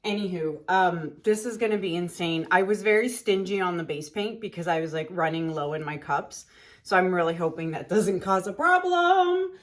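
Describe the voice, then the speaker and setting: A woman's voice: lowish voice, animated, moderate pace. Chatty woman painting and thinking aloud. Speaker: acrylic pour artist. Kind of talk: casual talk while painting.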